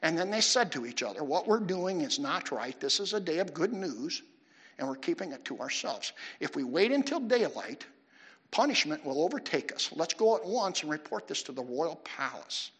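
A male pastor delivers a sermon in a high, lively voice with a slightly husky edge. He swings his pitch widely and keeps asking questions of the congregation. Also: moderate pace. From United States. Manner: animated preaching, questions to the audience.

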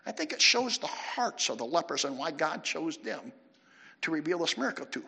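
A man preaching a sermon with animated delivery, putting questions to his listeners. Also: fairly high pitch, moderate pace, vocal fry, husky. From United States. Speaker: pastor.

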